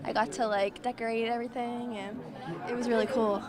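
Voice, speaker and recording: A woman's voice: a little high, little pitch movement, a little fast. Teen girl producer, cheerful, lots of ums, crowd noise. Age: late teens. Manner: cheerful, filler-heavy. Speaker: film producer. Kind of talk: casual event interview. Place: outdoor red carpet premiere. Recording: noisy crowd outdoors.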